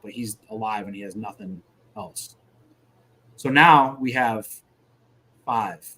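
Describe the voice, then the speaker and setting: Profane veteran man telling war stories. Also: fairly low pitch. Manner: profane, vivid, animated retelling with sound effects. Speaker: podcast guest, military veteran. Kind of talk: casual war storytelling.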